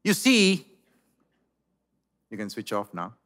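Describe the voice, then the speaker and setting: A man's voice: on the low side, wildly swooping pitch, slow, fairly bright tone. A male pastor preaching a sermon in a church, telling a story dramatically.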